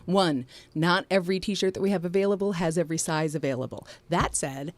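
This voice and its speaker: A woman's voice: lowish voice, fairly quick, no room sound. A woman co-hosting a casual podcast, chatty, explaining things and laughing easily. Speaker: podcast co-host. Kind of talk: casual chat.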